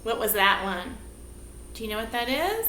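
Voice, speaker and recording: A woman teaching a movement lesson for young children, prompting them with slow, sing-song questions, recorded on a camera mic across a room. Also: fairly high pitch, big pitch swings, bright, forceful tone. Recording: echoey room, faint background hiss.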